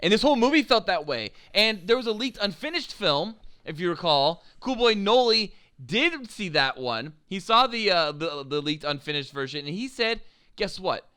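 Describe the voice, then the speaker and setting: Young male podcast co-host, slightly high, crisp bright tone, jokey and profane. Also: sing-song, normal speed, few pauses. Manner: joking, swears freely. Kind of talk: casual chat.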